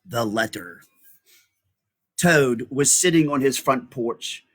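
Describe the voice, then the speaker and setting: A middle-aged man reading a children's picture book aloud, pausing to ask listeners to look at the pictures. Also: mid-range voice, lively intonation, a bit bright. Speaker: storybook reader.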